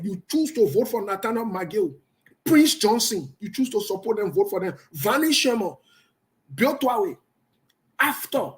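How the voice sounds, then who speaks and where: Talking straight to his viewers, a man runs live online political commentary in a combative, scolding, emphatic manner. He has a high, slightly mellow voice.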